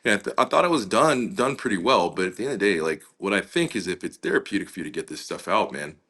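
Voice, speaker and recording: Interview guest, male, deep but bright voice, loose storyteller with lots of "you know". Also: sing-song, fast talker. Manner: casual, many fillers, acts out quoted dialogue. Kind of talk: conversational storytelling.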